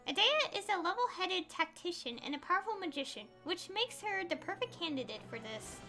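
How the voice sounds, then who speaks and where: A woman's voice: very high voice, sing-song, a little fast, bright, forceful tone. A woman streaming a game, reading its dialogue aloud with chatty, giggly asides. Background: game music.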